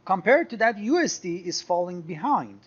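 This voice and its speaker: A man teaches a software tutorial, explaining and thinking aloud as he clicks through charts. His voice sits high and swings widely in pitch. The sound is a bit dull and lo-fi. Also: big pitch swings, normal speed, husky. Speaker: trading software instructor. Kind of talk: screen-share tutorial.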